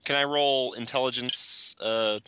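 A man's voice: medium pitch, fairly even intonation, unhurried, sharp tone, smooth. A man playing a tabletop game, reacting with lots of short interjections. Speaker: player. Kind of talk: casual tabletop game chat.

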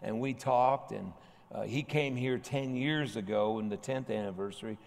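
Storytelling pastor in a reverberant hall. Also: male voice, medium pitch, normal speed, creaky. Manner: animated anecdote with humorous asides. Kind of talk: storytelling sermon. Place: large church sanctuary.

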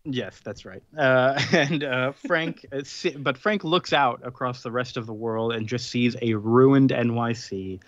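A man co-hosting a podcast, recapping a comic plot in casual chat, rambling with fillers and quick laughs. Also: medium pitch, dry recording, lo-fi sound.

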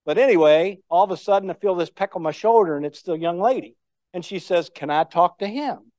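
An older man, appearing as a guest speaker, tells war stories in a folksy, anecdotal storytelling speech. His voice is high, animated, brisk, and a little mellow, and the recording is dry.

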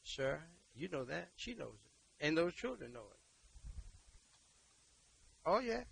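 A man, preaching a sermon and leading prayer, emphatic and repetitive, moving between loud exhortation and quiet talk. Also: fairly high pitch, sing-song, moderate pace, vocal fry, breathy edge, poor audio.

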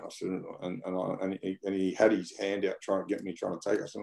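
Gravelly low Australian man, rambling. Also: monotone, quick pace, few pauses, a little mellow. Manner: rambling, repeats words, blunt slang. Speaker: interview guest. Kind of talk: casual conversation.

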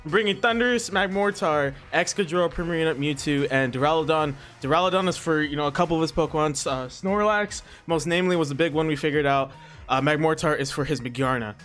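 A young man hosting his own channel, commentating a competitive battle game in a casual, excitable and nervous way, laughing often and tripping over words. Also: a little high, fairly quick. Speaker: Pokemon battle league competitor and channel host. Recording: faint background music.

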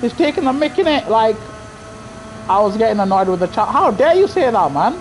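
A man's voice: sits high, sing-song, fairly quick, slight background noise. A man streaming a racing game live, chatting to viewers casually in slang and repeating himself. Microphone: gaming headset.

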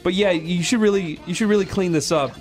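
A man's voice: high voice, a little fast, a little mellow, soft background music, pitched above the performer's own voice, lightly acted. A man putting on the voice of a fussy woman who delivers food, scolding and lecturing.

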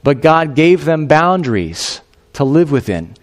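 A male pastor preaching a sermon in a conversational, animated way, with fillers like "you know" and "I mean". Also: on the high side, measured pace.

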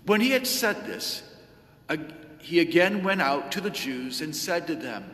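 A man serving as lector, giving a measured, solemn liturgical scripture reading in a church. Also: fairly high pitch, big pitch swings, a bit bright. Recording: echoey church with long reverb.

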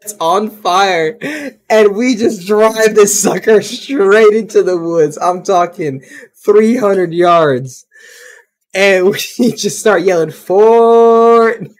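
A man's voice: high-pitched, slow. Laughing young man telling stories. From North Carolina. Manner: laughing storyteller, animated and crude. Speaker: podcast co-host. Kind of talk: casual chat.

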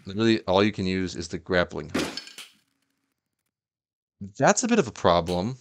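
A man's voice: sits low, normal speed, background noise. A young man giving casual gameplay commentary, talking to the game and yelping and laughing at what happens. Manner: excitable, yelps and laughs at the game. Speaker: gaming YouTuber.

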